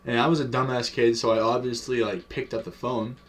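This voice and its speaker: A man's voice: mid-range voice, little pitch movement, brisk, recorded from a distance. A young man telling a story from his own life in a casual vlog, swearing a lot, rambling with many fillers and chuckling as he goes. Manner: profane and rambling, heavy on fillers. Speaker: vlogger.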